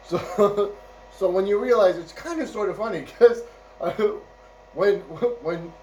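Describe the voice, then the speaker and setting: A man's voice: high voice, unhurried, a little mellow, far from the mic, slight background noise, poor audio. A man telling a casual, rambling anecdote, chuckling often and checking in with "right?" and "you know". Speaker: storyteller.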